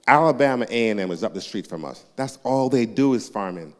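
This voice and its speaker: A man representing a university, answering audience questions live in a church, lively and joking, teasing the crowd. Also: mid-range voice, brisk, hardly any pauses. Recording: echoey church hall.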